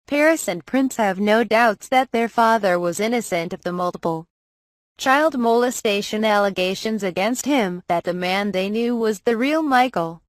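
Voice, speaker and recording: A woman reading a magazine profile aloud as scripted narration, measured and even. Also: mid-range voice, no room sound. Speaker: article reader.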